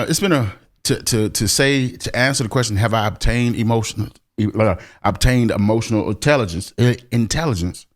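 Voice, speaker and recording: Emphatic, low-voiced man telling stories. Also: brisk, few pauses. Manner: emphatic, expressive storyteller. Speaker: podcast co-host. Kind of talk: casual chat.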